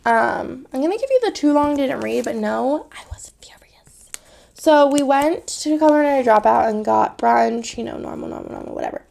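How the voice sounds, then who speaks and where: Chatty woman with a gravelly voice. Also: high voice, lively intonation, normal speed, darkish tone. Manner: chatty, rambling, many fillers. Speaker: planner vlogger. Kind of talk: casual storytime chat.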